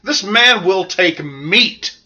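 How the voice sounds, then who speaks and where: A man's voice: high voice, expressive, slow, pushed and bright. A man from the American South co-hosting a casual podcast, rambling and joking with lots of fillers. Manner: rambling, jokey, filler-heavy. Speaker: podcast co-host. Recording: dull lo-fi podcast audio.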